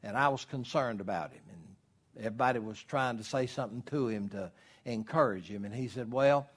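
A man preaching a sermon as pastor, animated and storytelling, acting out voices in his illustrations. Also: lowish voice, brisk, breathy edge.

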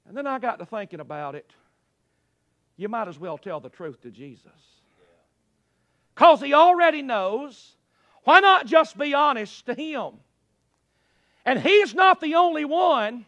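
A pastor preaching with a strikingly high voice for a man. His pitch leaps around with lively swings, and he drops from loud cries to hushed low phrases. The sound is close and dry. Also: dry recording. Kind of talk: preaching a sermon. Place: church service.

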